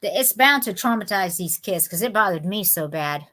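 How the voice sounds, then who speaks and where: A woman's voice: medium pitch, expressive, normal speed, pushed and bright. Chatty woman live-streaming. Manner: chatty, indignant, talks straight to viewers by name. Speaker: live-sale host. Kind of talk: casual live-stream chat.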